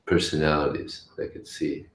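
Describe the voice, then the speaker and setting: A man teaching a scripture class, telling stories in a halting way with restarts. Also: a bass voice, level tone. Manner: halting, with restarts and story voices. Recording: echoey room, faint hiss.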